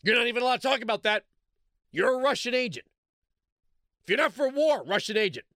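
A man's voice: very high-pitched, expressive, brisk, long pauses, bright, forceful tone, no echo, studio quality. A man hosting a talk radio show, delivering a sarcastic, combative monologue and repeating lines for emphasis.

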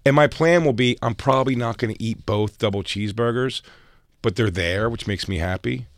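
A man's voice: mid-range voice, brisk, dry recording, studio quality. A man hosting a casual podcast chat, joking and swearing freely. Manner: joking, swears freely, talks through food orders. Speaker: podcast host.

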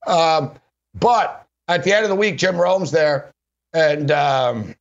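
Male sports radio host, a bit high-pitched, loose and laughing anecdotes, muffled lo-fi recording. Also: expressive, slow pace, creaky. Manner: rambling, laughing often, heavy use of "like". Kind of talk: casual anecdotal storytelling. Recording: dull lo-fi recording.

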